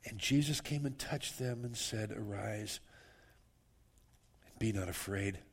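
A man's voice: on the low side, a little slow. A man preaching a verse-by-verse sermon in an earnest, conversational way, turning often to speak straight to his listeners. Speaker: pastor.

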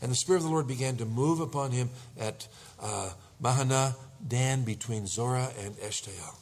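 A man's voice: medium pitch, moderate pace, a little mellow. A middle-aged man preaching a sermon as a pastor, telling the story with animation and acting out panicked husbands.

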